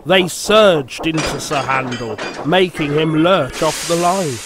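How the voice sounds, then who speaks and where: A man narrating a storybook in a slow, measured reading. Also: fairly high pitch, noisy background. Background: background music.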